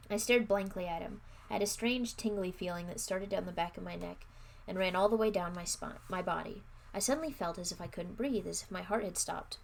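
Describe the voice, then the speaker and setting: A woman reading a children's novel aloud live, expressive, with small self-corrections. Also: mid-range voice, a little fast, vocal fry. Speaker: reader.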